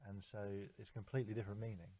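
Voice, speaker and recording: A man's voice: lowish voice, little pitch movement, very fast, mellow, husky. A young man recording a heartfelt love message to his girlfriend, earnest and repetitive, stumbling over fillers. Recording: tinny phone-like recording.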